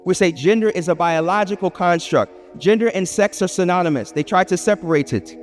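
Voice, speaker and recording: A man giving a lively public lecture, asking the audience questions and acting out little scenes. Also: high-pitched, brisk. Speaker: Islamic speaker. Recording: hall reverb with faint music.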